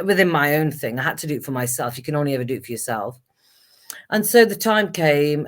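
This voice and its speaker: A middle-aged woman, a guest actress and singer telling her story candidly and emphatically. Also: very deep voice. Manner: animated and emphatic, acts out past conversations.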